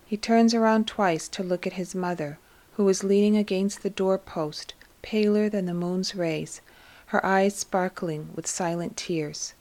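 Soft-spoken woman narrating reverently. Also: mid-range voice, fairly even intonation, a little slow. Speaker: reader of devotional text. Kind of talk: scripted narration.

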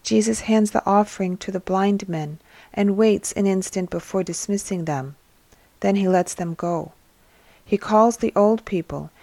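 A woman reads a devotional story aloud in a steady, measured way at a middle pitch. The recording is close and dry, with no room sound. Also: no echo. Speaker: narrator. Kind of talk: scripted narration of a devotional story.

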